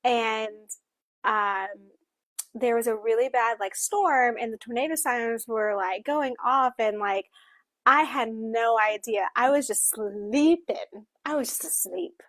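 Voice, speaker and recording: Speaking in a somewhat high, slightly bright voice, this woman signs as she talks and gives voice to her signing co-host during a relaxed book discussion. Her speech is halting and self-correcting, and there's no echo.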